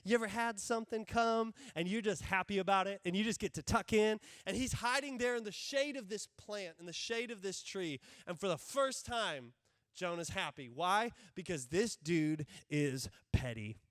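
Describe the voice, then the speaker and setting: Animated high-voiced male pastor preaching. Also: moderate pace, dry recording, studio quality. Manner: animated, acts out biblical characters' voices. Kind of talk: sermon. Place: church sanctuary.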